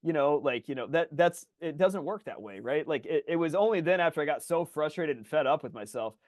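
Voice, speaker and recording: A man co-hosting a podcast in casual chat, telling animated stories and swearing freely as he acts out his own frustrated yelling. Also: a little high, brisk, no echo, clean studio sound. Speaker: podcast co-host.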